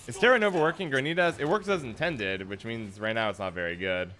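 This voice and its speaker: A man's voice: mid-range voice, fast talker, pushed and bright, faint music behind. A man streaming a card game, chatting playfully with his viewers and teasing opponents as he plays. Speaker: gaming streamer. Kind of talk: live card game commentary.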